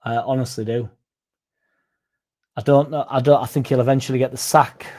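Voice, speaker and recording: A man's voice: mid-range voice, steady tone, normal speed, a little mellow. A young man hosting a fan stream, rambling casually, swearing now and then and reading out viewer comments. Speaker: fan channel host reading chat. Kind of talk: casual live-stream chat.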